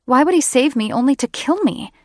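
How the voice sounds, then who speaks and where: A woman's voice: sits high, expressive, a little fast, no echo, clean studio sound, pitched above the performer's own voice. A woman narrator voicing a distressed young siren woman who pleads and trembles with emotion in an audiobook. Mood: upset, pleading. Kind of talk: audiobook character reading.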